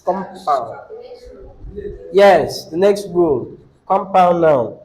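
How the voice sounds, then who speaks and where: A man's voice: sits high, lively intonation, slow pace, a little hiss or hum, poor audio. A man teaching a class on word stress, often putting questions to the students and repeating the key words. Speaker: English teacher. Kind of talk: classroom lecture.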